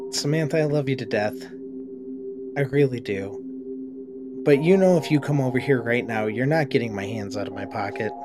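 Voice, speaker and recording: A man's voice: mid-range voice, moderate pace, over music, natural voice. Guy doing a grieving teen girl, stubborn, keeps her secrets, normal middle voice. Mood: defiant. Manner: stubborn, pleading, matter-of-fact.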